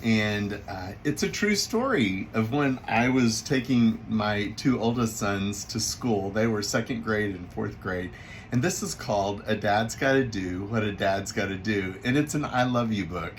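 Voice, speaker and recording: A man, a children's picture book author, telling a story about his own family in a casual, animated way and laughing often. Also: on the low side, unhurried, slight background noise.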